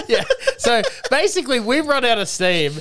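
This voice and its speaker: A man's voice: very high-pitched, big pitch swings, a little slow, very noisy. A man, co-hosting a comedy podcast with dry, jokey asides in casual chat.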